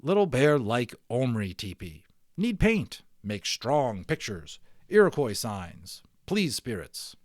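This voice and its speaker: A man's voice: medium pitch, sing-song, takes it slowly, dry recording. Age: adult. Figure: a man putting on a stern tiny storybook warrior. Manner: terse, commanding, clipped. Delivery: dry and close. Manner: clipped broken phrases, commanding.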